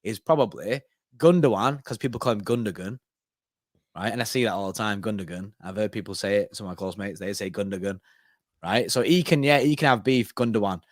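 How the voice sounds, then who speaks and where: Young male co-host, casual and animated, dry close sound. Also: lowish voice, fast talker, few pauses, no echo. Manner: animated, laughs often, lively bursts. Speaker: co-host of fan live stream. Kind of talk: casual chat.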